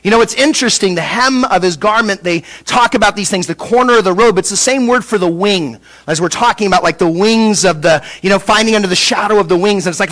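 A middle-aged man preaching a lively sermon in a notably high voice. He talks in a conversational way, acts out the people he quotes, and stops to restart his sentences now and then. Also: a little fast, hardly any pauses. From Southern California. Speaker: pastor.

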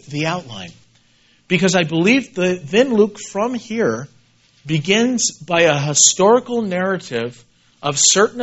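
A man preaching a sermon as pastor, animated, swinging between loud emphasis and quiet asides and repeating key words. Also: high voice, dull audio.

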